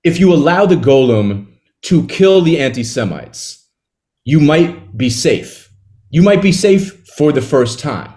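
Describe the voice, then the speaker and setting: A man in an interview, talking casually about a book he wrote, retelling its scenes with quick asides. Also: a little high, very animated, mellow. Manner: conversational, retells scenes with quick acted quotes and laughs. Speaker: author discussing his novel.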